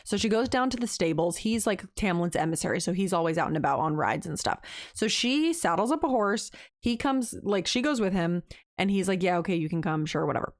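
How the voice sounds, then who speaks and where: A woman's voice: mid-range voice, animated, fairly quick, no echo, studio quality. A woman co-hosting a podcast, recapping a book in a casual, chatty way and acting out the characters' lines as she goes. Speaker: podcast co-host.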